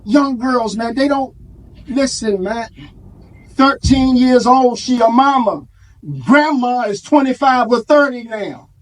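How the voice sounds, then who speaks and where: A community organizer gives an impassioned speech at an event in an extremely high-pitched voice, speaking slowly. His delivery is preacherly, built on call-and-response and street vernacular.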